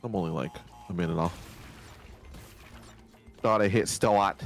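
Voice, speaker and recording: Low-voiced guy, casual gameplay banter, jokey and crude. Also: unhurried, faint music behind. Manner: joking, laughs often, swears freely. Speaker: let's play co-host. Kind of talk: casual gaming chat.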